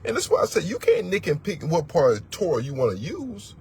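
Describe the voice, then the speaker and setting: A man's voice: fairly high pitch, wildly swooping pitch, brisk, a little mellow, breathy edge. A man teaching as a religious elder, preaching in a blunt, profane, emphatic way and repeating words for force. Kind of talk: fiery sermon-style teaching.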